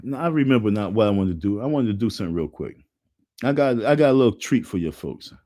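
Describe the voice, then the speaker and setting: A man's voice: lowish voice, fast talker, dry recording. Black guy ranting on his stream, voice jumping all over, mocks people, dry sound. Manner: animated, repetitive chanting, mocking voices. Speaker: livestream host. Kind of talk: casual livestream rant.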